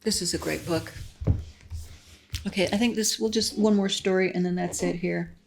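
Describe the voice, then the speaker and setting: A woman's voice: on the low side, steady tone, normal speed, gravelly, a little hiss or hum. A woman vlogger in casual chat, reading passages from a book aloud with chatty, giggly asides and plenty of fillers.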